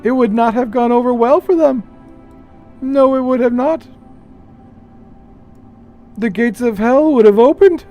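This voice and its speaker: High-voiced man rambling over game music. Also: unhurried, long pauses, highs cut off. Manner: rambling, animated storytelling with playful put-on voices. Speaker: gaming streamer. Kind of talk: casual gameplay chat.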